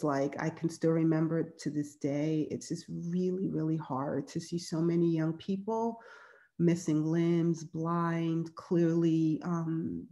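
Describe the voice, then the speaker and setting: Soft-spoken woman from New York. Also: sits low. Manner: soft-spoken, reflective, many fillers between readings. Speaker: journalist and professor reading from her books. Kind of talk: reading aloud and telling stories to an audience.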